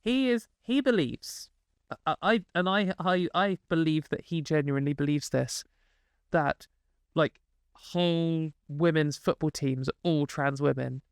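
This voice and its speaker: A woman's voice: deep voice, measured pace, clear, resonant tone, no room sound, studio quality. A woman hosting a casual commentary video, sarcastic and exasperated, swearing now and then. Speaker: commentary host.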